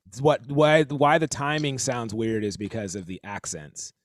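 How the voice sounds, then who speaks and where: A man's voice: mid-range voice, steady tone, moderate pace, dry recording, studio quality. A man hosting a casual drum stream, rambling and self-correcting as he explains accents and counts beats aloud over a video call. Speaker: drum teacher and stream host.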